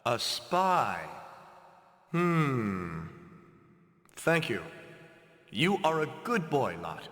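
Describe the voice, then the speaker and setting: An actor playing a scheming, condescending corporate commander in a video game cutscene. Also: male voice, fairly high pitch, very animated, drawn-out words, pauses often, fairly bright tone, exaggerated voice. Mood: cold. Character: scheming male corporate commander, cold and superior. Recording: game audio with long hall reverb.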